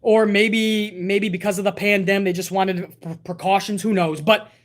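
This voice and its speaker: A man with a high voice speaks at a normal speed on a live stream, casual and swearing often. He thanks viewers by name, reads their messages, and keeps up relaxed, profane conversation aimed right at his audience.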